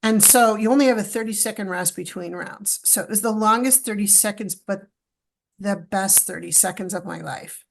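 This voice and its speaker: Canadian woman with a gravelly voice. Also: medium pitch, moderate pace. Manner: animated, acts out quoted dialogue, emotional retelling. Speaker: podcast guest. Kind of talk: storytelling in a casual interview.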